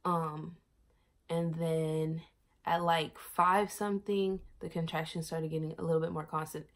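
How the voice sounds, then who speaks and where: Animated young woman from Miami. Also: a little slow. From Miami, USA. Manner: animated, acts out quoted lines with big swings in pitch and volume. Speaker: vlogger. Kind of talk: casual storytelling. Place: bedroom, sitting on her bed.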